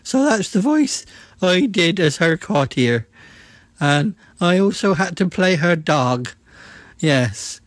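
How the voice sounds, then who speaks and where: A man voicing a flamboyant but hesitant actor who talks in halting phrases full of ums. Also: high-pitched, big pitch swings, dry recording, full character voice. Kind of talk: comedy character monologue.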